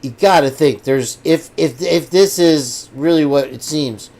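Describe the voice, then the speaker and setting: A man with a fairly high speaking voice hosts a casual livestream. He rambles and chats straight to his viewers in a loose, off-the-cuff way. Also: measured pace, darkish tone. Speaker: host.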